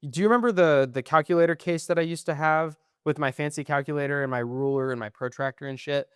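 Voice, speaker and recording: A tired young man co-hosting a podcast, telling long, profane, rambling stories and trailing off quietly at the ends of phrases. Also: fairly high pitch, fast, clean tone, dry recording, clean studio sound. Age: young adult. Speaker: podcast co-host. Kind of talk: casual chat.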